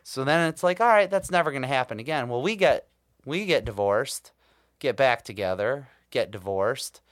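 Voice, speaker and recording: A man's voice: medium pitch, expressive, normal speed, dry recording, studio quality. A man, co-hosting a podcast, telling dating stories in a blunt, profane, casual way. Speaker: podcast co-host. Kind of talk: casual chat.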